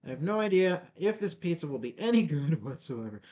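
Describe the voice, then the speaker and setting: A man with a stuffy nose cooks on a live stream, chatting casually, rambling, joking at his own expense and answering viewers. His voice is fairly high and a little mellow, with big pitch swings, and he talks a bit fast.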